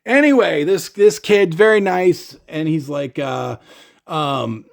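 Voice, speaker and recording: A man from Canada chats his way through a long, digressive story. His voice sits a little high, and he wanders off topic easily. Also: animated, measured pace, creaky. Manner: rambling, chatty, digressive. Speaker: gear vlogger. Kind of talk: casual storytelling to camera.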